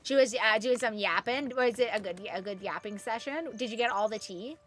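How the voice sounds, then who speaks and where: A high, bright-voiced young woman chats her way through a game stream. She rambles casually and thanks viewers by name as she reads chat. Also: fairly quick, slight background noise. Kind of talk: casual live-stream chat while gaming.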